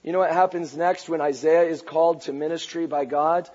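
A pastor preaching a sermon, animated and playful, raising his voice to a shout for emphasis. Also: a little high, brisk. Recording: dull lo-fi recording.

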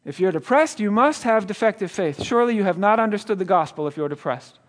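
Preaching as a guest in a church, a man tells a funny story during his sermon, laughing and tripping into restart after restart. He speaks quickly and animatedly in a high-pitched voice.

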